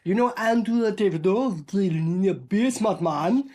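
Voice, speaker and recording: A man putting on a mumbled, muddled mix of foreign accents in a halting way, with film music playing behind him. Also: high voice, animated, a little mellow. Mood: mocking.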